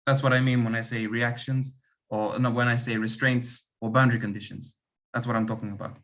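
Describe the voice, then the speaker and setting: A man's voice: mid-range voice, flat delivery, a little fast, a bit bright. A man running an online engineering lab class, explaining concepts step by step and often checking in with "okay" and "right". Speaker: lab demonstrator.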